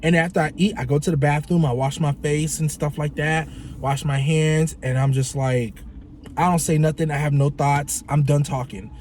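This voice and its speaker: A man tells a story straight to the camera in a casual vlog, cursing freely and acting out his friend's lines. His voice sits a little high for a man. A faint background ambience hums under the talk. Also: moderate pace, a little hiss or hum. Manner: animated, profane, imitates his friend in shifting voices. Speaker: vlogger.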